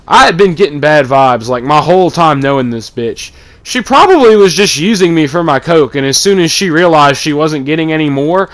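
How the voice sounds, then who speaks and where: Guy rambling through a wild story, cusses a ton, voice sits a bit high. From East Texas. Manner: rambling, swears a lot, acts out quotes. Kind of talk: casual profane storytelling.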